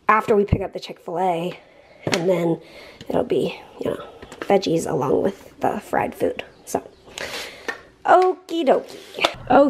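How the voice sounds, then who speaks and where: A woman's voice: a little high, darkish tone, slight background noise. A woman in her thirties chatting casually in a home vlog, laughing easily as she talks. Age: 30s. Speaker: vlogger.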